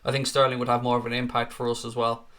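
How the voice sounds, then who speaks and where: Speaking fast in a medium-pitched voice, this young guy hosts a live watchalong for fans. He calls the play as it happens and trades swear-laden, high-energy jokes with commenters.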